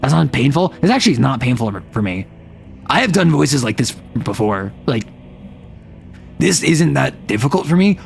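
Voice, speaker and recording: A young adult non-binary streamer chatting casually and rambling, often sliding between higher and lower voice registers. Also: very animated, moderate pace, soft background music. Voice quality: some gravel in the voice. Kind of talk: casual live-stream chat.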